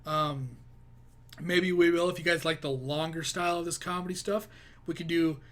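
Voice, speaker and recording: A man's voice: on the high side, fairly even intonation, moderate pace, a bit bright. A man hosting a reaction video, chatty and rambling in casual commentary. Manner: chatty, rambling, laughs easily.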